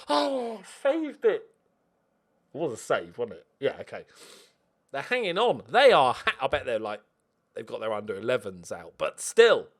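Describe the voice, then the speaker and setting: A man hosting a football management game playthrough, commentating in an excitable, sarcastic, self-mocking way. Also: medium pitch. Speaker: let's play host. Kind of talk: gaming commentary.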